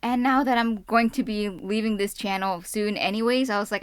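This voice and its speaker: A young woman vlogger telling a story to her camera indoors, excitable, a bit jittery, fast and messy, trying not to sound out of breath. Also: mid-range voice, clean tone, dry recording. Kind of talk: casual storytime. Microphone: camera mic.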